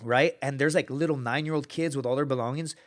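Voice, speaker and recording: A man's voice: medium pitch, quick pace. A man from the United States, a podcast guest telling a story in casual talk, swearing freely and acting out the people he quotes. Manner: profane, animated, acts out quoted people.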